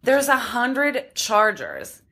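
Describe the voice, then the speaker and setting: A woman hosting a podcast, chatting and telling stories in an excitable, bubbly way and laughing often. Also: a little high, extremely slow, no room sound. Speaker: podcast host. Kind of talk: casual podcast chat and storytelling.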